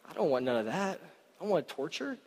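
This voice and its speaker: A man preaching a sermon, telling stories in a chatty, animated way full of "like" fillers, in a church hall. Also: a little high, a little fast, slight background noise. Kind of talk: sermon storytelling. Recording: reverberant hall.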